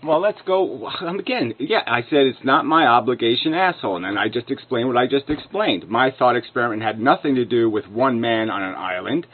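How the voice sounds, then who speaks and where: A man's voice: mid-range voice, lively intonation, a little fast, hardly any pauses. A man delivering an angry, profane rebuttal rant full of insults, as a video commentator. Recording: narrow phone-like lo-fi sound.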